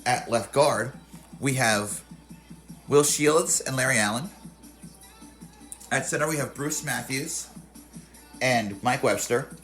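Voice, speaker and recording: A man's voice: mid-range voice, slow pace, long pauses, a bit bright, faint music behind. A young man hosting a casual video game commentary, reading off rosters and stats and often correcting himself. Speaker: video game channel host.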